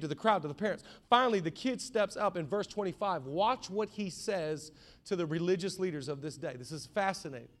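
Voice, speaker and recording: A man preaching a sermon as pastor, animated, building to shouts and acting out voices of the people in his story. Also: high-pitched. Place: church.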